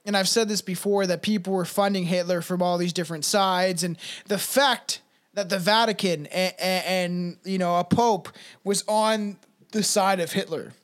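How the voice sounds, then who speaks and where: A man's voice: high voice, steady tone, normal speed. A man co-hosting a podcast, talking in a loose, profane, rambling way and often slipping into mocking voices. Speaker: podcast co-host. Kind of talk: casual chat.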